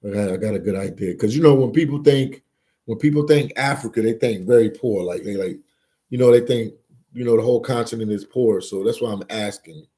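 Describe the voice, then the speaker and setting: Laid-back guy live streaming, deep-ish warm voice, reads chat out loud and keeps repeating stuff. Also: fairly quick. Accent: Philadelphia. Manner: loose, repeats phrases, banters with chat.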